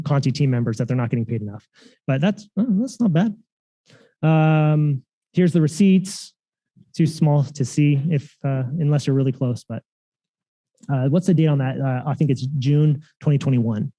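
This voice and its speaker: A man's voice: fairly high pitch, dark tone. A man giving a security conference talk, casual and full of fillers and restarts. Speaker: conference speaker. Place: conference room.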